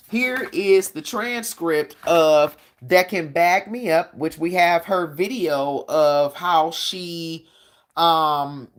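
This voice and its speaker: Hosting a live-stream Q&A, a woman speaks in a deep voice with a fairly bright tone. She's combative, blunt, and profane in a street-talk way, often checking in with "all right?".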